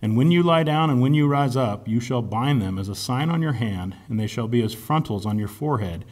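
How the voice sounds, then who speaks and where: A man's voice: medium pitch, animated, darkish tone. Casual man preaching and reading scripture. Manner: casual, asks "right?" often, pauses to search for words. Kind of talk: conversational sermon with scripture reading.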